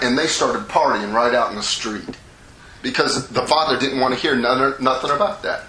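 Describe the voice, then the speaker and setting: Speaking a little fast in a mid-range voice, a middle-aged preacher delivers a folksy, conversational sermon and voices the characters in a parable. Background noise is present, and the echoey room has a faint ambience.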